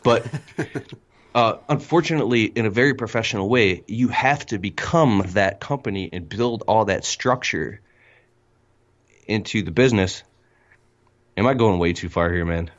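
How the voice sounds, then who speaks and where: A man telling stories as a podcast guest, excitable and rambling with emphatic asides. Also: lowish voice, moderate pace, pauses often, highs cut off. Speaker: guest, window cleaning business owner. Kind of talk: casual podcast conversation.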